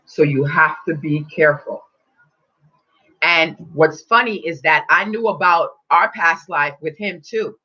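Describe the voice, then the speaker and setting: A woman spiritual teacher telling a personal story in casual, animated talk, swearing freely and acting out quotes. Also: low-pitched, a little slow, breathy edge. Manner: animated, swearing, acts out quotes in loud voices. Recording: dull lo-fi recording.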